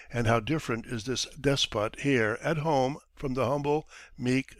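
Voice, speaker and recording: A man narrating an audiobook of a short story in a measured, expressive reading. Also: medium pitch, no echo.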